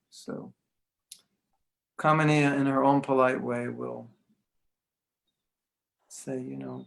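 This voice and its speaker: American male spiritual teacher, gravelly, anecdotal, humorous lecturer. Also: mid-range voice, little pitch movement, slow pace, long pauses, fairly bright tone. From United States. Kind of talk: online religious class.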